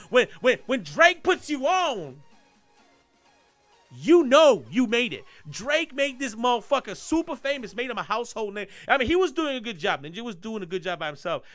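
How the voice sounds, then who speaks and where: A man hosting a casual live-streamed podcast, telling a story in an animated, rambling way and swearing freely. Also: sits high. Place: home streaming setup. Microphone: desk mic while streaming live.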